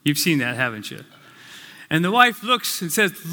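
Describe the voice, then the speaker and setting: A male pastor preaching a sermon, with slow, earnest, emphatic phrases. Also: on the high side, very animated, bright, forceful tone. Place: church sanctuary. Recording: long reverb of a large hall.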